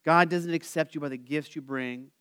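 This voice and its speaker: A man preaching from the pulpit, his voice high and clear. He draws answers out of the congregation, climbs up with energy and sinks to a quiet hush at the end of phrases. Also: normal speed. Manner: asks the congregation for call-and-response answers; animated, dropping to soft quiet endings. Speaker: pastor. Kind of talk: sermon.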